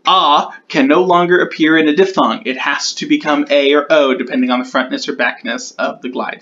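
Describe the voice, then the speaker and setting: On the higher side, this man talks briskly with fairly steady intonation and barely pauses, his sharp voice caught on a muffled recording. He's a conlang creator casually explaining the sound-change rules he invented, thinking aloud and correcting himself along the way.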